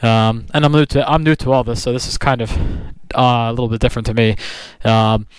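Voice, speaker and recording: A man speaks briskly in a clear, resonant, medium-pitched voice with a steady tone and no echo. Outdoors on his motorcycle, riding or parked, he vlogs about bikes in a rambling way, full of restarts and fillers.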